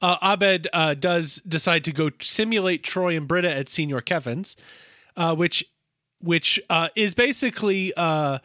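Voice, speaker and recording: An upbeat, jokey male podcast co-host recapping a TV episode. His voice is high for a man and bright, recorded close and dry with no room sound. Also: no echo. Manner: upbeat, quick to laugh, jokey. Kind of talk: casual TV episode recap chat.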